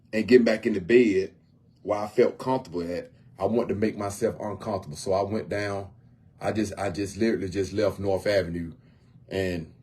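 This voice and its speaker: Low husky-voiced man, earnest and repetitive. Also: darkish tone. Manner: earnest, repeats himself often. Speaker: homeless outreach volunteer. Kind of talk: casual livestream talk. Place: at home.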